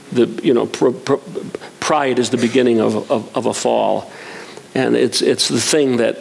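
A man's voice: on the high side, vocal fry. A man preaching a sermon, telling folksy stories with humor and reading scripture aloud.

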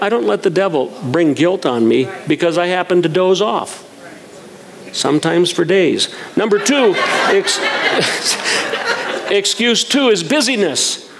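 A man's voice: high voice, animated, a little slow, a bit bright. A man preaching a sermon, telling folksy stories with humor and reading scripture aloud.

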